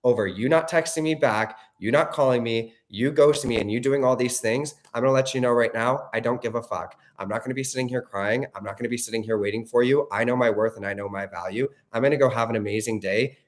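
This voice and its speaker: A man's voice: medium pitch, quick pace, few pauses. A man giving a direct-to-camera motivational talk as a relationship coach, blunt, profane and emphatic, often checking in with "okay?".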